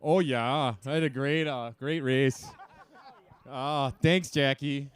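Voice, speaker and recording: A man racer from Wisconsin who placed third, cheerful and excitable as he thanks everyone. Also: medium pitch, takes it slowly, clear, resonant tone. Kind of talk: post-race interview.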